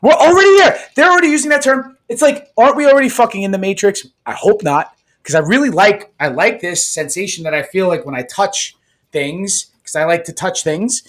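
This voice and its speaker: A man's voice: high-pitched, fairly quick. A man co-hosting a podcast in casual chat, talking emphatically with lots of swearing and often asking "right?" for agreement. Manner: animated, profane, emphatic, keeps asking "right?". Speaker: podcast co-host.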